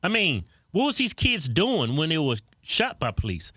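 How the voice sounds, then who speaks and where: A man co-hosting a casual political chat show, joking and mocking with loud bursts of laughter. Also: fairly high pitch, very animated, normal speed, husky, no echo, clean studio sound. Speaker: co-host.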